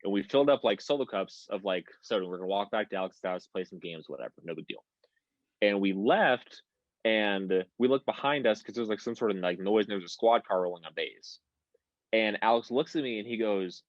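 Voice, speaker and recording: Low-voiced young guy rambling through a story, cussing a lot, kinda dull lo-fi dry audio. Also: lively intonation, fairly quick, dry recording. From United States. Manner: rambling storyteller, swears freely. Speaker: podcast guest. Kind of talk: casual podcast chat.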